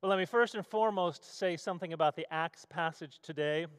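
A man's voice: fairly high pitch, fairly quick, clear, resonant tone. A male pastor delivering a sermon with vivid, storytelling scene-setting. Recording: long hall reverb.

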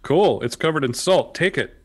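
A man's voice: on the high side, lively intonation, normal speed. A man playing a tabletop role-playing game, cheerfully calling out his dice rolls and cracking jokes. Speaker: player. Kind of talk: casual tabletop game play.

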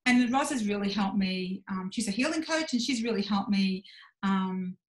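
A woman's voice: mid-range voice, normal speed. Frank woman in her forties, roomy sound. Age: 40s. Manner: frank and self-reflective, acting out her own inner voice. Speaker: podcast guest. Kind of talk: candid personal conversation.

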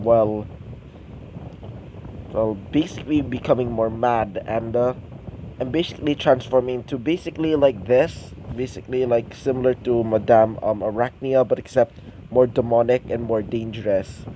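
Hesitant, slow-talking male storyteller. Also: mid-range voice, warm tone, slight background noise, rough recording. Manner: hesitant, full of ums and restarts. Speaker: fan story narrator. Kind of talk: improvised fan-fiction narration.

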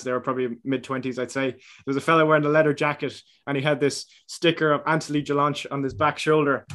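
This young Irish man co-hosts a podcast, and his voice sits on the high side with a fairly bright tone. He tells stories in a chatty, casual way, laughing often and restarting frequently.

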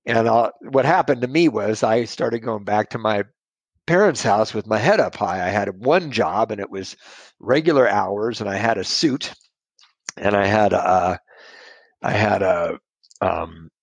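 A man's voice: fairly low pitch, a little slow, gravelly, breathy edge, dry recording. A man telling his sobriety story in a rambling, self-deprecating way, laughing at his own jokes. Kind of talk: casual storytelling.

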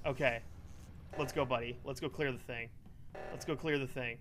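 A man in casual gaming banter, loud and excitable, swearing a lot. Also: medium pitch, fairly quick, music in the background. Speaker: gaming video regular.

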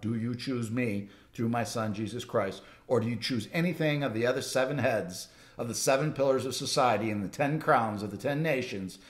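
A man teaching on scripture in a loose, conversational way, with frequent false starts and restarts. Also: mid-range voice. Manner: rambling, many restarts, conversational. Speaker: Bible teacher. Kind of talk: informal sermon teaching.

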